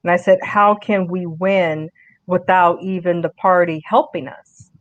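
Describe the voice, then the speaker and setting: A woman's voice: lowish voice, steady tone, a little slow, no room sound. A woman guest on a political podcast, talking earnestly in casual conversation and often repeating words as she restarts. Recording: muffled dry audio.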